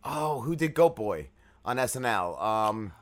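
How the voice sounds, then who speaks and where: A man's voice: on the low side, sing-song, measured pace. A man co-hosting a podcast, chatting loosely and laughing easily with a guest. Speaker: podcast co-host. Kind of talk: casual podcast chat.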